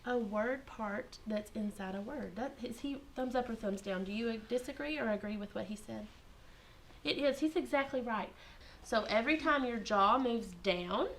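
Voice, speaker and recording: A woman's voice: a little high, moderate pace, fairly bright tone, a little hiss or hum. A woman teaching kindergarten in a classroom, patient and encouraging, asking the children lots of prompting questions.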